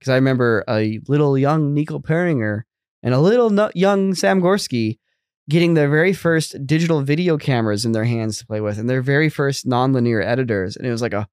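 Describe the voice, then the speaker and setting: A man's voice: mid-range voice, lively intonation, brisk, darkish tone, clean tone, no room sound, clean studio sound. A man in his thirties co-hosting a casual podcast chat, rambling with lots of fillers and restarts. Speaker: podcast co-host.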